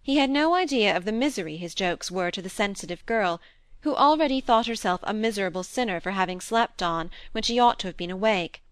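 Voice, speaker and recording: A woman narrating a classic novel as an audiobook reader, in a measured, even storytelling manner. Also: mid-range voice, smooth, dry recording. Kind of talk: scripted narration.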